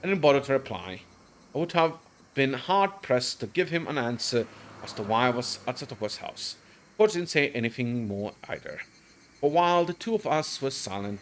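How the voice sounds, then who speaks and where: A man with a mid-range voice streams live from home, reading a visual novel aloud in an emotional, intense way and occasionally slipping on words. There is slight background noise.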